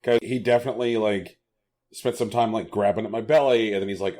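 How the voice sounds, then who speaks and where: A man's voice: lowish voice, fairly quick, a little mellow. A man co-hosting a podcast, joking bluntly and crudely in casual chat. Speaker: podcast co-host.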